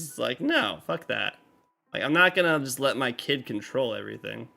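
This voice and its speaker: A man's voice: mid-range voice, moderate pace, creaky, bright, forceful tone. A man chatting casually on a live game stream, rambling with lots of fillers and restarts. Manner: rambling, filler-heavy talk with many restarts. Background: faint game music.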